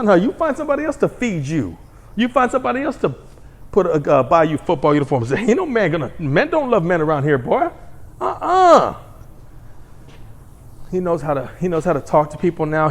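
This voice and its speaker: Animated, high-voiced man ranting. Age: adult parent. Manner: animated, mocking, profane, acts out quoted voices. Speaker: commentary channel host. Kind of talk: opinion rant to camera.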